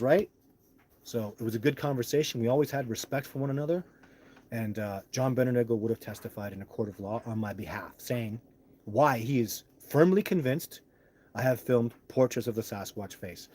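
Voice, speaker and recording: A man's voice: medium pitch, lively intonation, normal speed, breathy edge. Emphatic man ranting on a live stream. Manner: emphatic, heats up into loud indignant rants with cursing. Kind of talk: live stream monologue answering chat.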